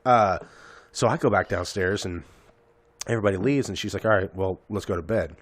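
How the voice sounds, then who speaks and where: Man, thirties, low voice, dry close sound, swearing casually, rambling anecdote. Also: fairly quick, husky, no room sound. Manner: profane, rambling storyteller. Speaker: podcast host. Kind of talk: casual storytelling.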